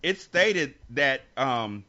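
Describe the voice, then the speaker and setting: A man co-hosting a podcast, speaking with earnest reflection and often doubling back on his words. His voice sits in a middle pitch. The recording sounds a little dull and lo-fi. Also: lively intonation, extremely slow, pushed and bright. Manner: earnest, reflective, with many restarts. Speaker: podcast co-host. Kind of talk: candid conversational talk.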